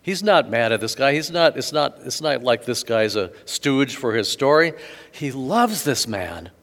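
A male pastor preaching a sermon in a church, telling stories conversationally with asides and animated emphasis. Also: medium pitch, unhurried. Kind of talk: sermon with gospel reading. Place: church sanctuary. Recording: long reverb of a large hall.

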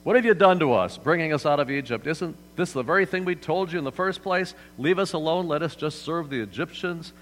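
A man voicing a frightened, complaining crowd of Israelites in a sermon, with a shrill, accusing outcry. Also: fairly quick, few pauses, a bit bright, natural voice. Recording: hall reverb, faint mains hum.

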